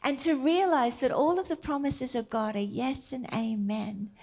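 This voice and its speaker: A middle-aged woman preaching a sermon, tender and emphatic, slipping into soft whispered asides. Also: high voice, moderate pace.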